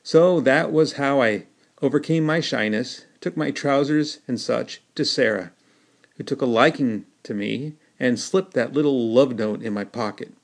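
A man's voice: medium pitch, a little slow, gravelly. A man hosting his own podcast, reading his novel aloud in a folksy storytelling manner. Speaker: podcast host and author.

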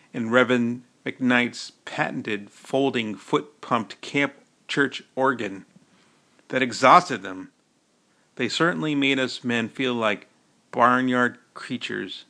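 A man's voice: medium pitch, slow pace, sharp tone. A man narrating a first-person novel as an audiobook, telling the story in a folksy, wry way.

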